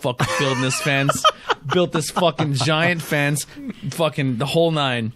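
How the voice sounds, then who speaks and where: A man hosting a beer podcast, telling stories in casual chat, profane and animated. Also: fairly high pitch, a little slow, background noise. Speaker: podcast host.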